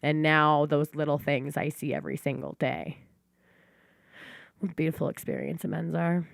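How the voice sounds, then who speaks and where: A woman hosting a podcast, telling a personal story in a heartfelt, animated way with casual swearing, close to tears. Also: deep voice, moderate pace, vocal fry, dry recording. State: teary. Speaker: podcast host.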